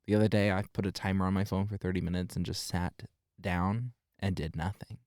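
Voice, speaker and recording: A man in his twenties, a seminarian co-hosting a podcast, talking in a relaxed, reflective and affirming way. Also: low voice, fairly quick, no room sound, clean studio sound. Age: 20s. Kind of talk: casual podcast chat.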